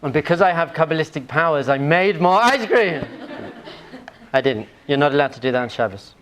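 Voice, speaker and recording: Man, rabbi giving a lecture, humorous anecdotes, lively questions to the room, slightly high voice. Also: fairly quick, noisy background. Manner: animated, humorous storytelling with questions to the audience. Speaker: rabbi teaching a class.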